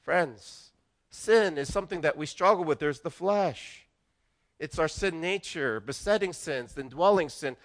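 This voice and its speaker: A man's voice: on the high side, unhurried. Earnest middle-aged man preaching. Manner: earnest, conversational preaching with frequent restarts. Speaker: pastor. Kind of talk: sermon.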